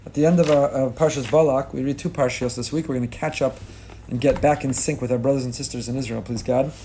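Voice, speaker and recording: A middle-aged rabbi giving a sermon with rising emphasis, mixing in Hebrew and Yiddish religious terms. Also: male voice, medium pitch, fairly even intonation, fast talker, mellow, slight background noise. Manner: impassioned, rising emphasis on key lines.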